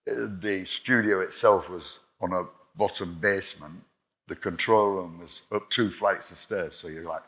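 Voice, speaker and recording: An older guest musician from England tells lively stories of past recording sessions in a live interview, acting out each exchange himself and swearing freely. His voice sits very low yet sounds bright and forceful.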